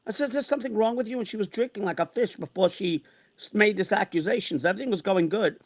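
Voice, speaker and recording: A man's voice: high-pitched, lively intonation, quick pace. Agitated man in his sixties ranting. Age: 60s. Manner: heated, repetitive, swearing. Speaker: vlogger. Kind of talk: angry personal rant.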